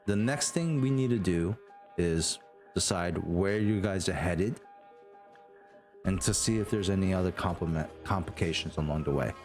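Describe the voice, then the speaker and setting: A man narrating a tabletop game as game master, unhurried and full of fillers. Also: low-pitched, darkish tone, faint music behind.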